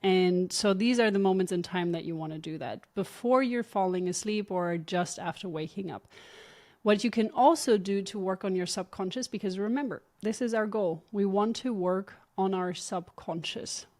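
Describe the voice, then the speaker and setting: Podcast co-host, woman of middle pitch, earnest and instructive. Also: moderate pace, darkish tone. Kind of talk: podcast explanation.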